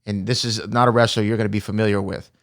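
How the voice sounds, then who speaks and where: A man's voice: on the low side, level tone, quick pace. A man co-hosting a movie podcast, telling stories in a rambling casual way with many restarts. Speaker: podcast co-host. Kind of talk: casual chat.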